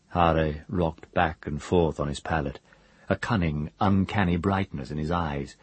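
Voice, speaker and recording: A man narrating a fantasy audiobook in a measured, even storytelling manner. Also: very deep voice, slightly rough, no room sound. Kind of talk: scripted narration.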